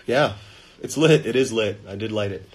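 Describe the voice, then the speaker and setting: A man hosting a casual livestream, reading fan comments aloud and greeting viewers in playful, sudden loud bursts into a phone held at arm's length. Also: on the low side, moderate pace, slightly rough, poor audio.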